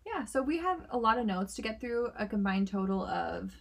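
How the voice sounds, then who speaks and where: Higher-pitched playful woman podcaster. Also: sing-song, moderate pace, gravelly, slight background noise. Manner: playful, mock-serious. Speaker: podcast co-host. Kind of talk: casual chat.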